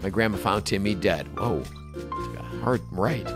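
A man's voice: deep voice, unhurried, over music. A man co-hosting a podcast, reading listener stories aloud with playful, joking asides. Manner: playful, joking, lively delivery. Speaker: podcast co-host. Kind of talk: casual comedic chat, reading listener stories.

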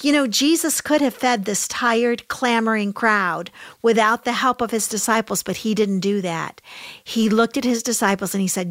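A woman's voice: moderate pace, dry recording. Emphatic woman preacher, dry close sound. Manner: emphatic, swings between soft low asides and raised exclamations; addresses listeners as "honey". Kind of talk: sermon.

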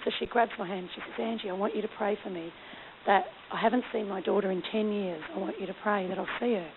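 A woman speaking at a mission conference, telling lively, self-deprecating stories. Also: medium pitch, fast. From Australia. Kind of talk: storytelling talk. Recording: tinny phone-like lo-fi recording with faint hiss.

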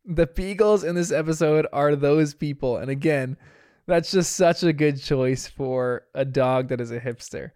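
Chatty man with a smooth, higher voice. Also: a little slow, a little mellow, no room sound, studio quality. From New Jersey. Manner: chatty, laughs often, self-deprecating asides. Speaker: podcast host reviewing a cartoon. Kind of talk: casual episode commentary.

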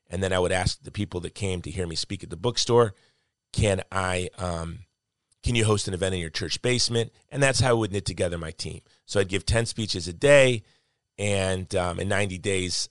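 A middle-aged man with a New Jersey accent, hosting his show and telling a story in a casual, animated way. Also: fairly low pitch, dry recording, clean studio sound. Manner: animated, acts out quoted voices. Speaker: show host.

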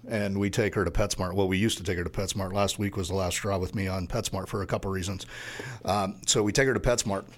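Blunt, emphatic man ranting. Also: fairly low pitch. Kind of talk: casual ranting chat.

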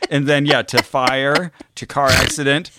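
A man's voice: medium pitch, steady tone, a little slow, very noisy. A man casually recounting a story on a podcast, acting out the quotes. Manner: recounts events, acts out quotes. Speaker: podcast co-host.

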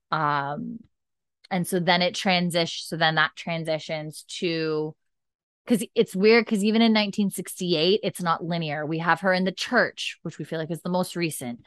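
A woman's voice: low-pitched, moderate pace, no room sound. A young adult woman in casual podcast chat, recapping a show and acting out the characters' lines as she goes. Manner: animated retelling, acts out the characters' lines. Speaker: podcast co-host recapping an episode.

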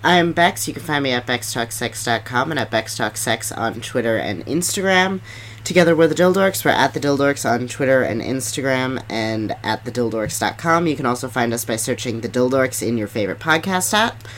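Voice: medium pitch, animated, moderate pace, a bit bright, slight background noise. A podcast co-host chatting casually in a loose, upbeat way with plenty of fillers.

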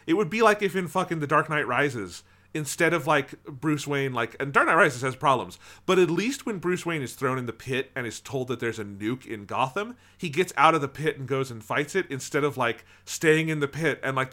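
Bright-voiced man riffing on a film. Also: medium pitch, moderate pace, few pauses. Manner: animated, swearing, acts out movie lines. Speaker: podcast co-host. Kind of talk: casual film review chat.

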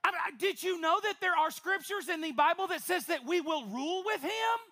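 High, bright, animated woman preaching. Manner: animated, playful preaching with quick asides and laughter. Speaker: pastor. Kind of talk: sermon. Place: church before a congregation.

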